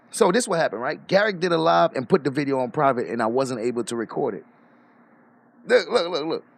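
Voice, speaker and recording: A man's voice: a little high, vocal fry, no echo. A man ranting boastfully on a live stream, swearing freely and laughing often. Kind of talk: casual livestream rant.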